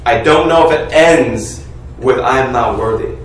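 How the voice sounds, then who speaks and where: A man preaching a sermon, calling on the congregation to finish his sentences and shout out answers. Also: mid-range voice, a little slow, a little hiss or hum. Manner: animated, coaxes the congregation to call out answers. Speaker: pastor. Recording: echoey room, heard from a distance.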